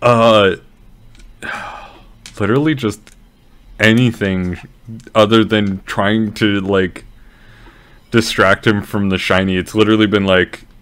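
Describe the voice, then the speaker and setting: A man's voice: on the low side, fairly even intonation, slow pace, pauses often, a bit bright, clean tone. A man playing a tabletop game, chatting casually. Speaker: player. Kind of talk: casual chat.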